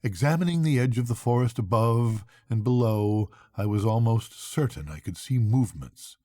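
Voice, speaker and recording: An older man, a grandfather, reading a classic novel aloud to his grandchildren at bedtime in an unhurried, expressive way. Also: mid-range voice, dry recording.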